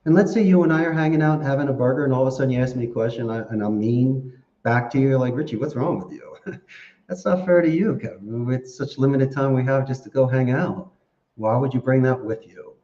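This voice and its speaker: A man answering podcast questions in a chatty, animated way, laughing often as he tells stories. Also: mid-range voice, fairly quick. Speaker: podcast guest. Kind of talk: casual interview answers. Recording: roomy, dull lo-fi podcast audio.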